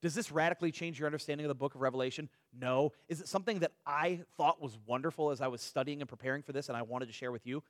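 A fairly high-pitched man teaches a Bible study in a chatty way, full of rhetorical questions and everyday illustrations. He frequently restarts and repeats words in quick bursts. The audio is studio quality with no echo.

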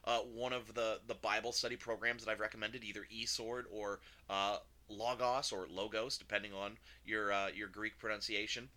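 Bright-voiced man teaching a Bible lesson. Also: fairly low pitch. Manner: conversational, chatty, with fillers and self-corrections. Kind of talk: casual recorded Bible lesson.

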